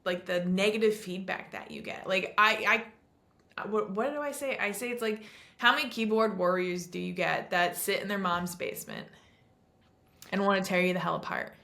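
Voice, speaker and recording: Bright-voiced woman podcast host, ranting. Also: medium pitch, moderate pace, creaky, echoey room. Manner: animated, ranting, emphatic. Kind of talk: casual chat.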